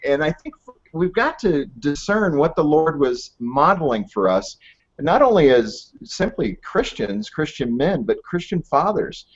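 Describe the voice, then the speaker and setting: A middle-aged author who heads a ministry is an interview guest, speaking in a fairly high, very animated voice with a breathy edge. He tells stories earnestly in conversation, building his points with emphasis and pauses, on dull lo-fi audio.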